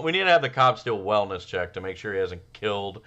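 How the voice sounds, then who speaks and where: Bright-voiced man telling a funny story. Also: fairly low pitch, fast, dull audio. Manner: animated storyteller, acts out quotes. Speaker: podcast co-host. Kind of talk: casual comedic chat.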